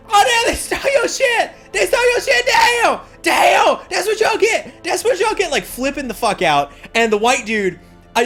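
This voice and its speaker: A man rambles through a funny anecdote, cursing freely and tossing in fillers as he goes. His pitch swings widely, and soft music plays faintly behind him. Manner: rambling, swearing, animated storytelling. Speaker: streamer telling a story. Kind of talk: casual profane anecdote.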